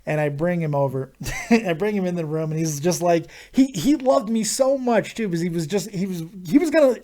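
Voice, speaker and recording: A man hosting a live stream, telling a crude story in a casual, animated way with constant swearing. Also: high-pitched, a little fast. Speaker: host of a live viewer Q&A stream.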